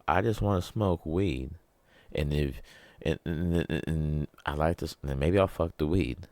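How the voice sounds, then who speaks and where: A man's voice: extremely low pitch, a little slow, darkish tone, no echo. A man in his thirties hosting a solo podcast, rambling and joking in a loose, profane way. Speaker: podcast host. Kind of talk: casual solo rant.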